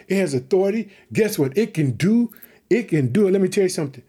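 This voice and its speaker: A man's voice: high-pitched, lively intonation, fast, mellow, slightly rough. A man from Chicago preaching fervently on his podcast, calling out to his listeners again and again. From Chicago, Illinois. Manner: fervent, repetitive call-outs to listeners. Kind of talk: sermon.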